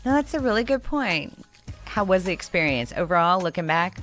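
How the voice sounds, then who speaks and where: Bubbly low-pitched Texan woman radio host. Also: sing-song, brisk, a bit bright, faint music behind. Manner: bubbly, laughing, rambling. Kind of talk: casual radio chat.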